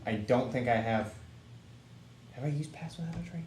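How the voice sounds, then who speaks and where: A player at a tabletop game, lively and laughing, talking through spells and plans. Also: medium pitch, moderate pace. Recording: roomy room with faint noise.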